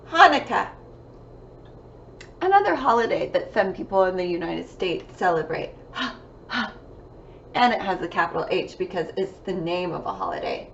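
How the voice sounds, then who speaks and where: Slow sing-song teacher lady, voice swoops up and down, slight hiss behind. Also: on the low side, vocal fry, highs cut off. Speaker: kindergarten teacher. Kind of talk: remote classroom lesson.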